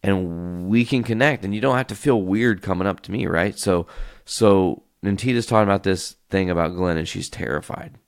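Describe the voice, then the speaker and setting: A man hosting a podcast on his own, telling a story in a casual, animated way, acting out the voices of the people in it and swearing freely on a close microphone. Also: sits low, moderate pace, gravelly, clean tone, no room sound. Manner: animated, tells stories by acting out quoted voices. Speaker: podcast host.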